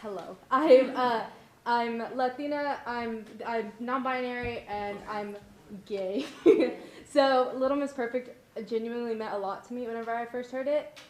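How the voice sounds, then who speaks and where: A young woman student talking in a halting, shy, casual way. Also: a little high. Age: young adult. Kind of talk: casual chat. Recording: echoey room with faint noise.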